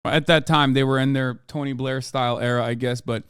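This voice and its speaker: A man's voice: medium pitch, steady tone, brisk, fairly bright tone, clean tone, dry recording, clean studio sound. A man streaming a sarcastic, profane rant while reacting to news articles. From United States. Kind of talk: ranting commentary.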